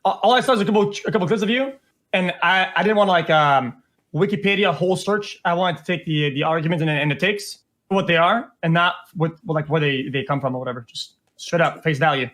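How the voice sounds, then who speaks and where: High, fast, halting young-sounding man. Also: fairly bright tone. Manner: halting, stumbling restarts. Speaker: streamer on debate panel. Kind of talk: casual debate on a livestream.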